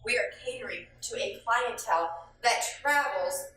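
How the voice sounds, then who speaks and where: A woman's voice: a little high, lively intonation, moderate pace, fairly bright tone, slight background noise. A woman giving a restaurant new hire training talk, calling on trainees by name and acting out sample phrases. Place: training room with a live audience. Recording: very echoey room, voice from far off the mic.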